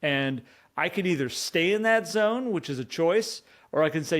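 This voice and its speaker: A man co-hosting a podcast in casual conversation, animated and fond of acting out his own inner dialogue. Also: high-pitched, moderate pace. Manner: animated, acts out inner dialogue in quoted voices. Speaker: podcast co-host.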